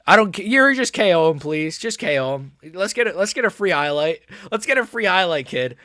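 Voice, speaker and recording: A young man calls a fight live for his stream, fretting in low mutters one moment and yelling the next. His voice sits a bit high, with a bright, forceful edge. The sound is close and dry. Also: fairly quick, no echo. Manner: excitable, swings from nervous mumbling to shouting. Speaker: livestream fight watch-along host. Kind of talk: live reaction commentary.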